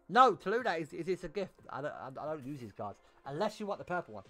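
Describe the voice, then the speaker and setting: A man's voice: on the high side, expressive, fast talker, a bit bright. A young man on a gaming livestream, telling a story casually and animatedly, swearing and repeating words as he goes. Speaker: gaming streamer.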